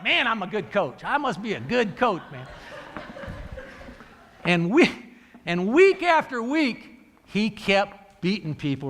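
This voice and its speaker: Animated coach in a hall. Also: male voice, sits high, a little slow, a little hiss or hum. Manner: animated, acts out quoted dialogue. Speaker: wrestling coach and speaker. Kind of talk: storytelling speech to an audience. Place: large hall. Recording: reverberant hall.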